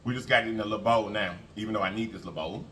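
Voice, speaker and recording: With slight background noise behind him, a man talks rapid-fire in a lowish, slightly bright voice while hosting a mukbang. He keeps speaking to his viewers in a chatty, folksy way and hums between bites.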